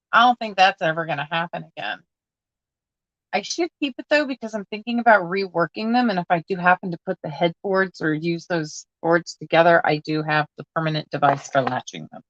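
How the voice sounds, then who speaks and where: A woman's voice: mid-range voice, no echo, highs cut off. A woman chatting casually to viewers while sorting through a box of odds and ends, rambling and laughing at herself. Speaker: crafting vlogger. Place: at home.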